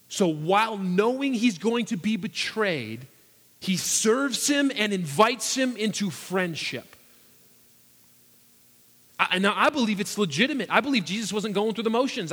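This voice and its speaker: A man's voice: high-pitched, fairly bright tone. A man preaching a sermon as pastor, earnest and emphatic, firing off rhetorical questions. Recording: echoey hall reverb.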